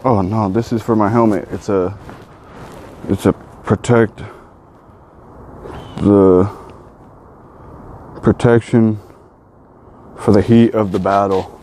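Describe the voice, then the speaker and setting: Man, rambling casual vlog chat, fairly low voice, excitable, faint background noise. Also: slow pace, pauses often. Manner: rambling, excitable, says dude a lot. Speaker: vlogger.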